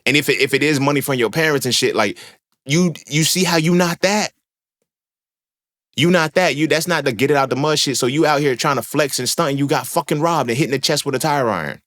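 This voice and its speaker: A man's voice: mid-range voice, fast talker, hardly any pauses, fairly bright tone. A young man hosting a podcast, talking in a casual monologue, slangy, profane and emphatic as he tells stories. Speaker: podcast host.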